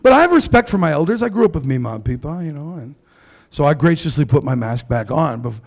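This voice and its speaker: A man's voice: a little high, expressive, fast talker. A man doing stand-up comedy in a comedy club, brash and crude with mock outrage.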